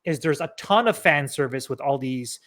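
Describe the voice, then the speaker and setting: A man in casual chat about a movie trailer, relaxed, laughing easily and swearing now and then. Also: medium pitch, normal speed. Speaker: podcast guest.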